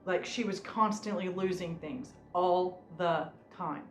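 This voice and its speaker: A woman's voice: lowish voice, slow pace, slight background noise. Rambling woman vlogger in echoey room. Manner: rambling, lots of "um" and "you know". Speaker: vlogger telling a story. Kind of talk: casual storytime chat. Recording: roomy room with faint music.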